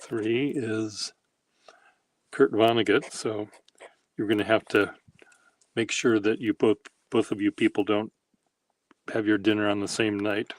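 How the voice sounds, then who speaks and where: Slow, low-voiced man rambling casually. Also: fairly even intonation. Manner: meandering, halting anecdotes. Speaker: host.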